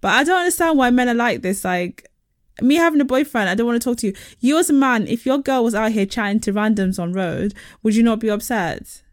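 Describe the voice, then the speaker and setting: A woman's voice: on the high side, brisk, no room sound, clean studio sound. Young woman telling a story. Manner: animated, quotes others in put-on voices. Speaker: podcast co-host. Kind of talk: casual chat, storytelling.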